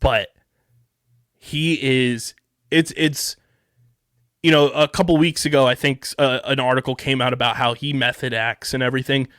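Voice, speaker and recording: A man with a Philadelphia-area accent co-hosts a casual podcast and reviews a TV show with rambling enthusiasm, restarting his sentences often. His voice sits at a middling pitch. The sound is very dry and close, recorded on a podcast mic. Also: steady tone, moderate pace, long pauses, a bit bright, no room sound. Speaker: podcast co-host.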